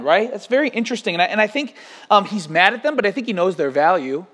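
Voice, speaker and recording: A man preaching a sermon as pastor, lively, acting out quotes and stories. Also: high-pitched, quick pace. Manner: animated, acts out quotes and stories.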